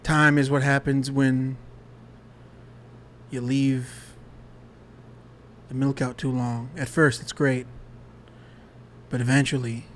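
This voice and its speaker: A man doing an impression of a famous actor, musing slowly in nonsense profundities. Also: medium pitch, level tone, a bit bright, a little hiss or hum. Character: drawling, cryptic philosophizing male movie star.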